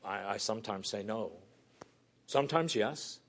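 A male pastor preaches earnestly in a lowish voice at a slightly slow pace. He swings between forceful emphasis and hushed, almost whispered lines.

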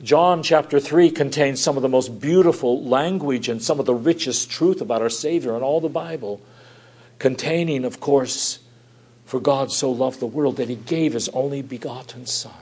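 A man preaching a sermon, swinging between loud emphatic rises and quiet, soft passages, and asking his listeners rhetorical questions. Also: mid-range voice, normal speed, slightly rough.

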